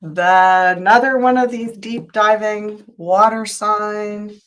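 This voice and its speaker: A woman's voice: mid-range voice, fairly even intonation. A woman hosting a live tarot reading show, talking to viewers in an emotional, intense, spiritual way. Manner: spiritual, guiding talk with quick changes of loudness. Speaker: tarot reader and show host.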